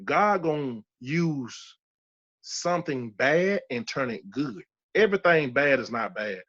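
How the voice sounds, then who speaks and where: A man's voice: medium pitch, expressive, slow pace, fairly bright tone, highs cut off. A man in his thirties telling his personal survival testimony as a podcast guest, emphatic and repeating key phrases for weight. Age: 30s.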